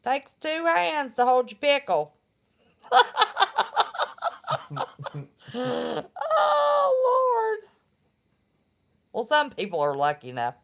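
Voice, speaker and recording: A woman's voice: fairly high pitch, wildly swooping pitch, moderate pace, few pauses. A middle-aged woman, chatting casually and bluntly on her live stream and laughing often. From West Virginia.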